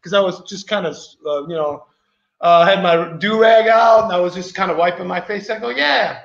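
A man's voice: high voice, fairly even intonation, fairly quick, creaky. A man hosting a vlog, telling a rambling story to his viewers in a casual, chatty way. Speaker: vlogger host. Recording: echoey, slightly dull recording.

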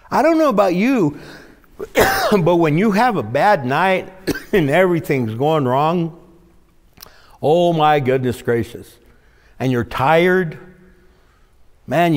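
A man preaching a sermon as a pastor, in an animated, dramatic style with sudden swoops up in pitch. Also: long reverb tail.

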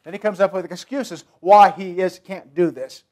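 Man, pastor, sermon, emphatic, repetitive, high-pitched voice. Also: moderate pace, darkish tone. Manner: emphatic, repetitive, addresses the congregation directly.

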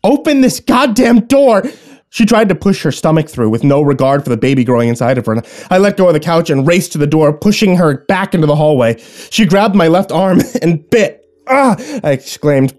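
Mellow-voiced man narrating horror. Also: on the high side, dry recording, clean studio sound. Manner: measured, hushed and tense. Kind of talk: scripted first-person horror narration.

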